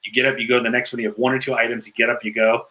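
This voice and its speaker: A man telling stories in a casual podcast interview, in an animated way with lots of filler likes. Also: medium pitch, very fast, rough recording. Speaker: guest.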